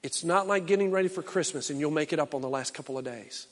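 A middle-aged man preaching in a church sanctuary, with a fairly high voice. His delivery swings between loud, impassioned calls and low, quiet urging, and a long reverb trails every phrase. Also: fast. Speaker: pastor. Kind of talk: sermon.

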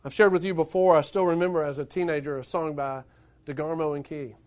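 A man's voice: a little high, steady tone, fast talker. A middle-aged man, preaching a sermon to his congregation, building up to emphatic points and putting questions to them. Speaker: pastor.

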